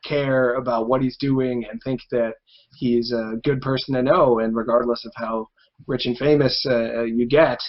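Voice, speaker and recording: A man's voice: medium pitch, fairly even intonation, moderate pace, muffled recording. A man hosting a casual interview, eager and fanboyish about his guest. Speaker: podcast host.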